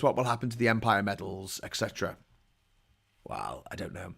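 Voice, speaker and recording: Host, man: gravelly, bright voice, lively pitch, riffing in a mock pirate voice on a live stream. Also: fairly quick. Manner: jokey pirate-talk persona, growling "yar" and "aye"; rambling, irreverent asides. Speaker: livestream host.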